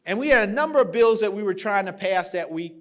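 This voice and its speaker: A man's voice: high-pitched, lively intonation, quick pace, fairly bright tone. A man from South Carolina, giving a political keynote speech at a podium microphone, moving from folksy storytelling to rousing, emphatic oratory. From South Carolina, USA. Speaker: keynote speaker at a party dinner. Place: large banquet hall, at a podium.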